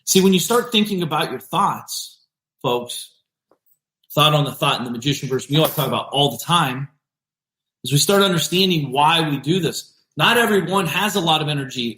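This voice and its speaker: A male podcast host giving an energetic, emphatic motivational business talk, repeating punchy phrases. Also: on the high side, moderate pace, echoey room.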